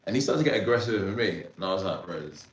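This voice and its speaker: A man in his thirties, a podcast guest, telling a story in an animated, slangy way with lots of fillers. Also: lowish voice, very fast, roomy sound, a little hiss or hum, poor audio. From Sudan, raised in Ireland. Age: 30s. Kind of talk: casual storytelling interview.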